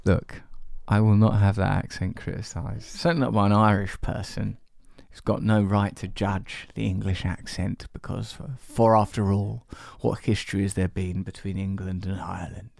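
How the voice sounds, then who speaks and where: A man hosts a podcast, rambling playfully while reading out and answering listener emails. His voice is low with a gravelly fry. It sounds close and dry. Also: flat delivery, normal speed, a little mellow, dry recording. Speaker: podcast host.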